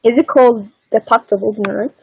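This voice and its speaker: A woman's voice: on the high side, fairly even intonation, a little fast, vocal fry, breathy edge. A woman calling into an online debate, emotional and defensive, hesitantly reading text aloud. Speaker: caller. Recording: dull lo-fi call audio.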